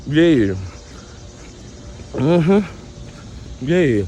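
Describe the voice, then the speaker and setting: A man's voice: on the high side, very animated, drawn-out words, dark tone, a little hiss or hum. A man vlogging a casual rant to his viewers, repetitive and full of street slang.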